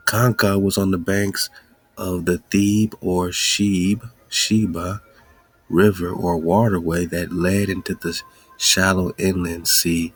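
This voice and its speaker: Podcast host, male, husky low voice, slow, rhetorical-question style. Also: no echo. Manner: rhetorical questions, excited musing. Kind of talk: casual monologue.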